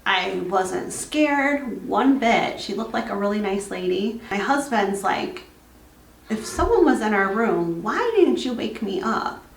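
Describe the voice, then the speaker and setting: A young woman telling her own haunted hotel experience in a casual, animated way, acting out what she and her husband said and laughing now and then. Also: medium pitch, measured pace, vocal fry, reverberant, distant mic. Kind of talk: casual storytelling.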